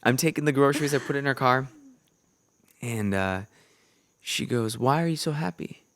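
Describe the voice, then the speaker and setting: A young man from Minnesota, a podcast guest, talking at an ordinary pitch. He tells his stories in an earnest, lively way and acts out the people in them with quick voice changes. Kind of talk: animated storytelling in casual chat.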